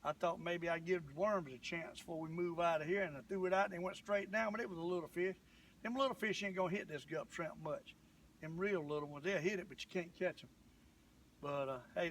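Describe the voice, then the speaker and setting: A man's voice: high-pitched, brisk, distant mic, a little hiss or hum. An older man, hosting a live fishing vlog from a boat on a lake, rambling and folksy as he talks straight to his viewers. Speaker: fishing show host.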